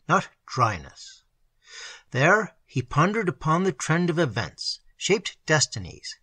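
Male storyteller, husky and bright, dry close sound, dramatic reading. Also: mid-range voice, dry recording. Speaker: narrator.

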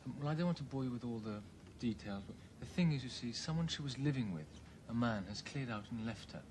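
A man's voice: medium pitch, lively intonation, fast, a little mellow, a little hiss or hum, natural voice. A man playing an awkward young grandson. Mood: worried. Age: young adult. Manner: hesitant and rambling.

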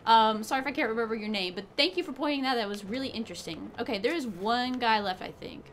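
A woman host giving casual, excitable let's play commentary, chatty and swearing freely. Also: fairly high pitch, quick pace, a little hiss or hum. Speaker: gaming video host.

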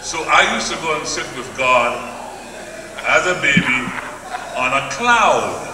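A man's voice: medium pitch, animated, measured pace. A man from Trinidad with a Trinidadian accent, telling a theatrical story in a playful, flamboyant way and repeating words for effect. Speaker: honoree giving a speech. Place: large event hall. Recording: echoey hall, far from the mic, noisy.

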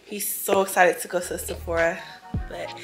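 A woman's voice: on the low side, little pitch movement, moderate pace, over music. A young woman chatting through a casual day-in-the-life vlog, bubbly and full of exclamations. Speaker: vlogger. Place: beauty store.

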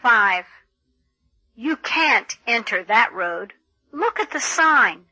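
A woman reads a textbook passage in a clear, deliberate way. Her voice is bright and lively in pitch, and she takes it slowly. The sound is dry and close. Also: no room sound, rough recording. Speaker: textbook audio reader. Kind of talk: scripted textbook narration.

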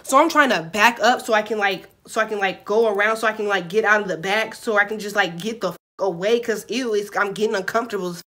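A young woman vlogger telling a storytime in an animated, profane, dramatic way. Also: mid-range voice, fast talker, few pauses. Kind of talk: storytime vlog.

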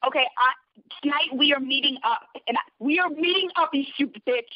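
Speaking fairly quickly in a high pitch, a woman on the phone rages at the other person with profanity and threats. It is a heated argument. The recording is dry and has the dull quality of a phone line.

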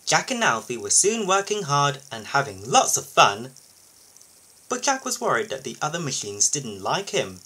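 A man reading a children's picture book aloud for his video channel, expressive and lively. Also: medium pitch, normal speed, husky, rough recording. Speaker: YouTube storybook reader.

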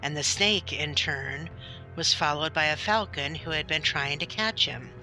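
A woman narrating a children's story in a gentle, deliberate way. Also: sits low. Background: soft background music.

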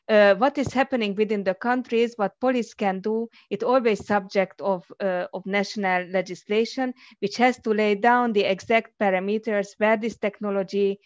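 A woman speaks as an on a conference panel, choosing her words carefully and pausing on frequent fillers. Her voice sits in an ordinary middle pitch. The sound is dry and a little muffled, as on a video call. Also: steady tone, no echo. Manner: careful, hesitant, many fillers.

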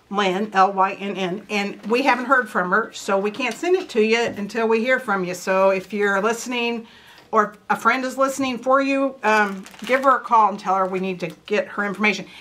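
A woman's voice: mid-range voice, fairly bright tone. Chatty lady cohost, teasing her partner, easy stitching-show banter. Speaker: co-host. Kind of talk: casual chat.

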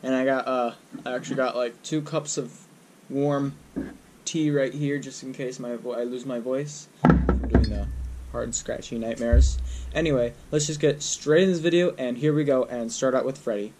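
A man's voice: mid-range voice, steady tone, normal speed. A young man introducing his video in a casual, rambling way, speeding up through his asides. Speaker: YouTuber. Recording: faint background noise.

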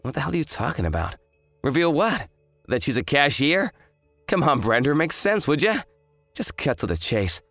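A man's voice: a little high, sing-song, normal speed, vocal fry, a bit bright, dry recording, soft background music, heavily acted. A man voicing an arrogant, hungover young fiancé who talks in a smug, dismissive drawl. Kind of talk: dramatized story voice acting.

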